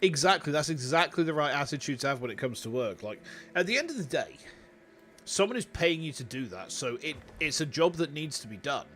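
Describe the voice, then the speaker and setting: A man's voice: fairly high pitch, sing-song, a little fast, a bit bright. A young man with a Yorkshire accent, chatting casually to his viewers as he plays a city-building game. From Yorkshire, England. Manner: chatty, rambling, talks to chat. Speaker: VTuber streamer. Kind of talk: casual live game commentary.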